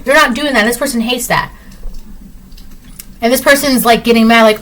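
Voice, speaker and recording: A woman's voice: fairly high pitch, moderate pace, long pauses, fairly bright tone, rough recording. A woman giving a casual spoken tarot reading at home, talking in an emphatic, repetitive, conversational way with lots of fillers. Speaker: tarot reader.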